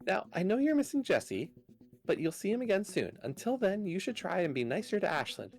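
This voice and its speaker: A woman reading game dialogue as a patient, gentle middle-aged school counsellor who coaxes with soothing questions. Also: medium pitch, very animated, brisk, soft background music. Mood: reassuring.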